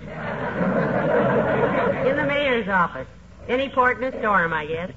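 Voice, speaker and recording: An actress playing a patient, level-headed middle-aged wife with a dry, reproving manner, in a 1940s radio comedy. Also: female voice, mid-range voice, animated, unhurried, lightly acted. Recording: dull old radio recording, faint hiss.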